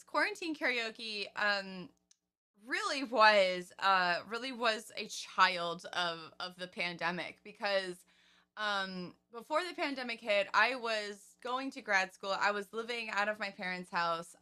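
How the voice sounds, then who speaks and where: A woman's voice: mid-range voice, sharp tone, smooth. A woman in her twenties, a singer, telling her story in a casual interview, chatty and openly emotional.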